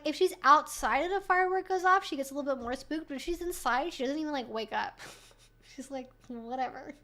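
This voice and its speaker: Answering questions from her live-stream viewers, a woman with a high voice chats casually and loosely. She swears without hesitation, says "like" a lot, and laughs readily between comments, her tone fairly bright.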